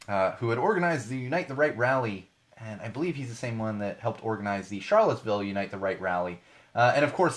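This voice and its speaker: Podcast host, thirties, male; sarcastic live-feed commentary, breaks into laughs, loudness swings up and down. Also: mid-range voice.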